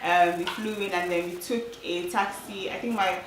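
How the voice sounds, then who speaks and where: A woman's voice: lowish voice, fairly even intonation, moderate pace, a little hiss or hum. A young woman vlogging her trip in a chatty, casual way, full of "like" and "um" fillers. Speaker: travel vlogger. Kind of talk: casual chat to camera. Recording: roomy, distant mic with faint ambience.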